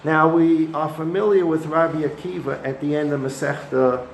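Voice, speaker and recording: A man's voice: on the high side, fairly even intonation, normal speed. A man, a rabbi, gives a weekly Torah lesson, telling the stories with animation and dropping Hebrew and Yiddish terms. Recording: echoey room with faint noise.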